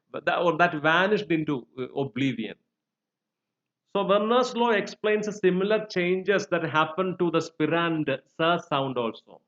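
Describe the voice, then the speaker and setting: A man lectures in a somewhat high voice, pausing often with fillers and restarting his phrases. The recording sounds dull and lo-fi. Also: a bit bright. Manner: hesitant, many fillers and restarts. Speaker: English teacher.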